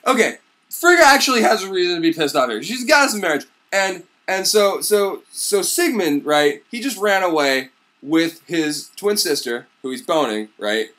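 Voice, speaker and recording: Excitable young man, lively sweary comedy. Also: fairly high pitch. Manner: excitable, crude, rambling, shouty bursts. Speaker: comedic storyteller. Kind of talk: profane comedic myth retelling.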